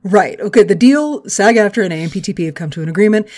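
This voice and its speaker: A woman's voice: medium pitch, expressive, quick pace, darkish tone. A woman in her thirties co-hosting a podcast in casual chat, joking, laughing and swearing freely. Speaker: podcast co-host.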